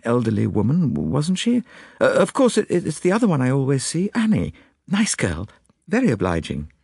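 A man doing a quiet, stammering young clerk. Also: mid-range voice, huge pitch swings, normal speed, gravelly, husky, no echo, studio quality, voice pushed up, heavily acted. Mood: hesitant. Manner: hesitant, stammering.

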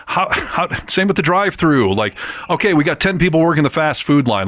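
A man's voice: mid-range voice, fairly bright tone, dry recording, clean studio sound. A man co-hosting a podcast, asking frank questions in casual chat. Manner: frank, questioning, worried about how he sounds. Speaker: podcast co-host.

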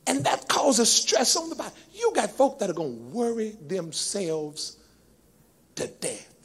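A man preaching a sermon to a congregation at a church service. He moves between hushed talk and sung, shouted peaks in a rhythmic preaching cadence. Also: sits high, big pitch swings, measured pace, slightly rough. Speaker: pastor.

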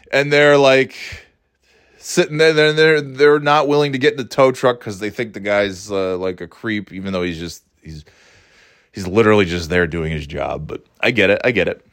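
A man's voice: lowish voice, fairly bright tone. A middle-aged man hosting a podcast, rambling in casual chat, swearing and mocking himself. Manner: rambling, profane, self-mocking. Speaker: podcast host.

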